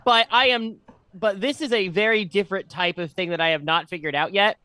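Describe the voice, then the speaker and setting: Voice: mid-range voice, fairly quick, sharp tone, dry recording. A player in a tabletop game, thinking aloud in a hesitant way. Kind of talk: casual tabletop play.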